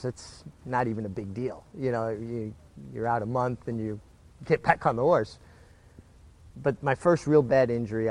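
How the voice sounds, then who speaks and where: A man's voice: mid-range voice, a little mellow. A middle-aged man, a retired jockey, recounting his career in a casual interview, earnest and prone to repeating words as he restarts.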